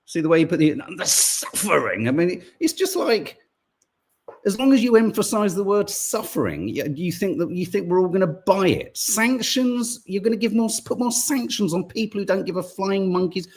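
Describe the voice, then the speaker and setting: A man's voice: high-pitched, very animated, normal speed, darkish tone. A man hosting a podcast, giving indignant, sweary political commentary. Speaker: podcast co-host.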